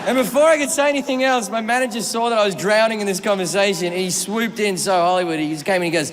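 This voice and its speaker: A man in his forties performs live stand-up on a comedy stage before an audience, spinning a long, profane story full of acted-out quotes. His voice is high-pitched and he talks fast with few pauses. The echoey hall carries audible room noise.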